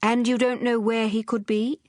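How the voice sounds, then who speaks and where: A woman doing a brisk, witty society sleuth. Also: a little high, flat delivery, darkish tone, dry recording, clean studio sound, pitched above the performer's own voice, close to an everyday voice. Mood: commanding. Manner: crisp and commanding.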